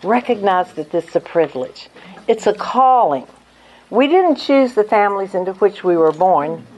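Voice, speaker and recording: An older woman giving an earnest, measured Christian teaching talk, reading scripture passages aloud. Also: medium pitch, lively intonation, a little mellow, dull audio. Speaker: Christian speaker.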